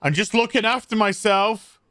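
A man's voice: sits high, normal speed, pushed and bright, no room sound, clean studio sound, pitched above the performer's own voice. A man voicing a nosy middle-aged suburban woman, mock-polite and passive-aggressive. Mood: prim.

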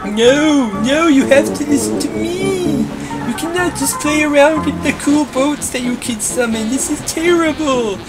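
A performer doing a whiny, bossy little overseer who fancies itself a bee, in a game-video comedy. It drawls its orders slowly at a middling pitch. It bosses the builders around in childish, broken grammar. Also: lively intonation, over music. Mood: frantic. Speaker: boss directing the builders. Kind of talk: comedic machinima voice acting.

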